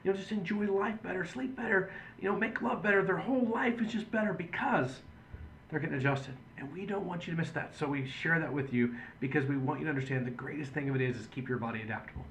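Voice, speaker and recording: A man's voice: a little high, fast talker, fairly bright tone, a little hiss or hum. Earnest man explaining to patients. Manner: earnest, conversational storytelling. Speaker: chiropractor. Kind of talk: patient education video talk.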